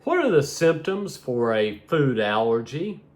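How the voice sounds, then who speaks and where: Sleepy middle-aged male vlogger, rambling, slow talker with a lively, swooping pitch. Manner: rambling, repeats "like I said". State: sleepy, yawning. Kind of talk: casual vlog talk to viewers.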